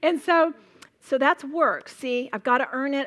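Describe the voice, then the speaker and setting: A woman's voice: sits high, unhurried. Passionate woman teaching the Bible. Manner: passionate, emphatic, animated storytelling with role-played demos. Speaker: women's Bible study teacher. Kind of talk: live Bible teaching to a women's group.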